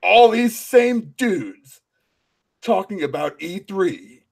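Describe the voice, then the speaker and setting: Pompous old male professor, put on by a man, wobbly fake British accent, slow, lively swooping pitch. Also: creaky, full character voice. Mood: mock-serious. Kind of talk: mock-dramatic reading.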